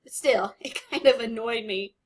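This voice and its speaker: A woman hosting an anime reaction video, chatting casually and rambling as she pauses to comment. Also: a little high.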